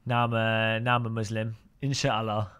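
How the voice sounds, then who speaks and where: A man's voice: on the low side, flat delivery, normal speed, fairly bright tone, clean tone. A man streaming sim racing, chatting and joking with viewers and often laughing. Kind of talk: casual live-stream commentary while sim racing.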